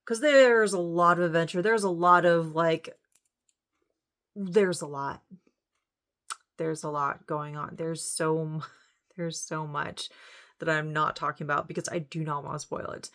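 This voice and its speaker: A woman talks casually through her review of a TV series, her voice sitting somewhat low. She is close to tears and sighs often, and her words come haltingly with frequent restarts. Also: steady tone, fairly bright tone. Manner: emotional, halting, many restarts and fillers. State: near tears, sighing.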